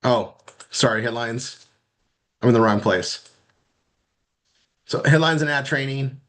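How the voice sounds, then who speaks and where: Clicking through a screen share, a man teaches marketing in a loose, rambling way, often stumbling and repeating words. He's the instructor, with a medium pitch and a slightly bright sound.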